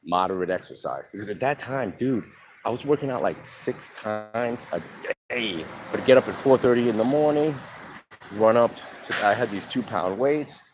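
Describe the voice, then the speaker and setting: A man telling his own life story in a frank, halting way, pausing often with ums. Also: medium pitch. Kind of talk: candid personal monologue. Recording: outdoor traffic noise behind.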